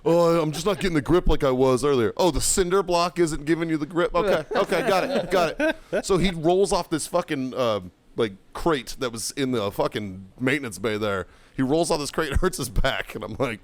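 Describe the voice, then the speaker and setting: Podcast host, male, slightly raised pitch; swearing, laughing raconteur. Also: a little fast. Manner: swears constantly, laughs through his own story. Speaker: podcast host telling a story. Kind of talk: casual profane storytelling.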